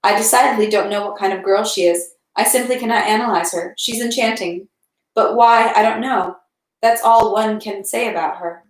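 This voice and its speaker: A woman voicing a kind, good-natured young count who talks with merry, gentle mockery, in an echoey room. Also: medium pitch, normal speed, natural voice. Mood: hesitant.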